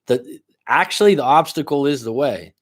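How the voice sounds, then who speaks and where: A man's voice: medium pitch, lively intonation, normal speed. A man giving live coaching advice in a blunt, profane way, pushing the listener with repeated questions. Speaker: life coach.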